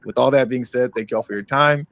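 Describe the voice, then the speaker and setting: A man's voice: medium pitch, brisk, a bit bright, no room sound, highs cut off. A man hosting a news commentary show, ranting heatedly and repeating himself for emphasis. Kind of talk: emotional commentary over played clips.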